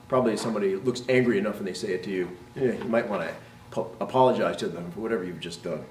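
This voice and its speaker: A man's voice: mid-range voice, darkish tone. A man teaching as a martial arts instructor, explaining terms and modeling their pronunciation, often checking with "right?". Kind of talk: instructional talk to camera. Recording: roomy, voice from a distance.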